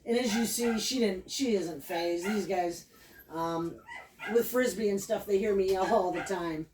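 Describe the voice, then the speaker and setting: A woman's voice: mid-range voice, a little slow, background noise. Chatty woman dog trainer, echoey room. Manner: chatty, loose and repeats cues with praise. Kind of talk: casual training demonstration. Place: indoors at home with her dog. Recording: echoey room, mic at a distance.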